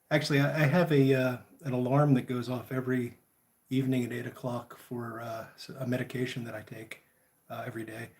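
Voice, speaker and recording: A man hosting a casual live chat, greeting viewers by name in a relaxed, friendly way. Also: mid-range voice, normal speed. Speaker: livestream host.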